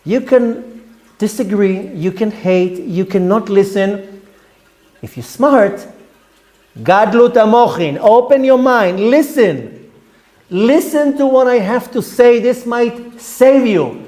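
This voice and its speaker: A man preaching as a rabbi, fiery and rebuking, repeating words for emphasis and swinging between shouts and hushed tones. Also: high-pitched, lively intonation, slow. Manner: repeats words for emphasis, asks rhetorical questions. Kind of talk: impassioned sermon.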